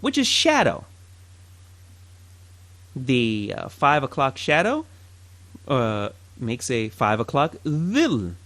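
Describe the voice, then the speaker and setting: A teacher leads a pronunciation drill at a very unhurried pace. The pitch rises and falls a lot as each syllable is stretched out and repeated. The teacher asks listeners to say it along and drops in small jokes. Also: pushed and bright. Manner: light, joking asides. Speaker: Arabic teacher. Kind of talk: recorded language lesson, pronunciation drill.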